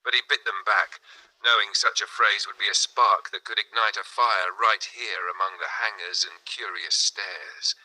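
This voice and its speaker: Man narrating a spiritual audiobook, sharp-toned. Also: lowish voice, steady tone, low-quality recording. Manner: measured, dramatic storytelling. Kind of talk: scripted narration.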